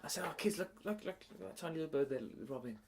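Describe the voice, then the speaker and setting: A man in casual podcast chat, telling an anecdote with a voice that leaps high and drops low. He sits a little above the usual male pitch. He laughs often and acts out the voices of the people in his story. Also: expressive, very fast, a little hiss or hum. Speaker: podcast co-host, primary school teacher.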